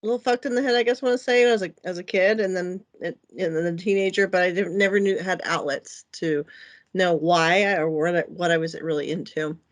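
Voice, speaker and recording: A woman's voice: lowish voice, steady tone, a little fast. A middle-aged woman who is a guest on a casual podcast. She speaks candidly and giggles often between her thoughts, talking into a podcast mic. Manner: candid, giggly, frequent laughter. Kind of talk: casual chat.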